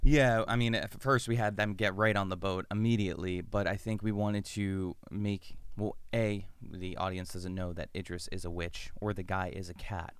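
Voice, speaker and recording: Smooth-voiced man riffing on a script. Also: low voice, normal speed, few pauses, no echo. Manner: acts out characters' lines in lively voices. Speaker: comedy writer pitching a script. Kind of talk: casual brainstorming chat.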